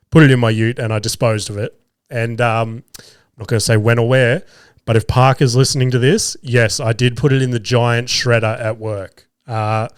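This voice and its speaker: A man's voice: mid-range voice, clear, resonant tone, no echo, studio quality. A young man hosting a solo podcast, rambling casually and swearing freely as he chats. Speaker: podcast host.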